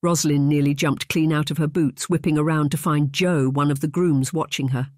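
An audiobook narrator reading a romance novel in a steady, measured storytelling manner. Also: medium pitch, no room sound, studio quality. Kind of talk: scripted narration.

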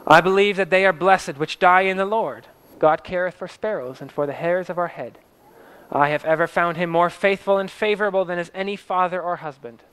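A man's voice: sits high, steady tone, a little fast, a bit bright, smooth, voice pushed up. A man voicing a devout, steadfast pastor who speaks solemn, fervent words of faith. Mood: solemn farewell. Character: devout, steadfast male pastor facing death.

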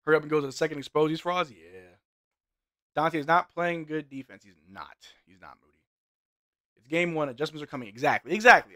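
Guy hosting a live game watch-along, bright voice, loud hype then quiet muttering. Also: fairly high pitch, big pitch swings, fast, no room sound, studio quality. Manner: reads chat aloud, talks back to it, swings from loud hype to quiet mutter. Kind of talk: casual live chat reacting to a game.

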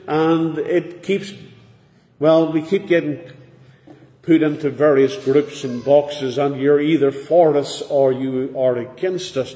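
Man, middle-aged, sermon, mellow, fairly high voice, echoey hall. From Northern Ireland. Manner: measured, earnest preaching with pauses. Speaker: preacher. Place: church. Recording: echoey hall with long reverb.

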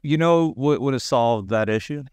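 A man hosts a podcast, dropping in brief questions and remarks. His pitch is average, and he sounds a little distant from the mic in a dry room. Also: normal speed, darkish tone, clear, resonant tone, no echo. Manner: brief interjections. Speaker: podcast host. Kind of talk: casual chat.

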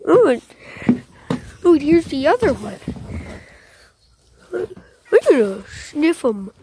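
A young girl talks slowly through a playtime game with her toys, her voice high and wandering. The recording has steady background noise. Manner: rambling, playful, voices toys. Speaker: video maker playing with toys. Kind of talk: toy play narration. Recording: noisy home recording.

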